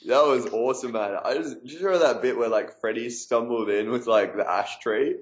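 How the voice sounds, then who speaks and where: A man's voice: medium pitch, dull audio. Laid-back man chatting in a roomy space. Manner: loose, profane, quick to laugh. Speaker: podcast co-host. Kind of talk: casual chat.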